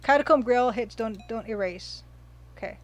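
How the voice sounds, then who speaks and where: A woman's voice: fairly high pitch, normal speed. A woman casually commenting while streaming a retro game, chatting, reading viewer comments aloud and gushing over the pixel art.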